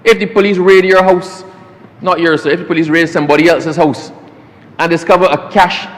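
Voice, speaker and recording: A Barbadian man, a government minister, giving a formal parliamentary speech that keeps addressing the chair as sir and slips into folksy stories. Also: a little high. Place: parliament chamber. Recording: long reverb of a parliament chamber.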